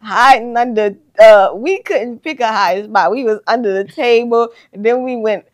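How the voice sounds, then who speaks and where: A woman's voice: a little high, moderate pace. A young woman, chatting casually as co-host and telling stories animatedly, laughing often. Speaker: co-host, daughter. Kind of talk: casual chat.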